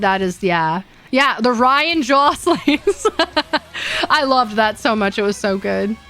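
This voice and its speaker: Her voice sits on the high side with a fairly bright tone. This young VTuber streamer rambles through casual livestream chat, bubbly and energetic, with lots of laughter and repeated words.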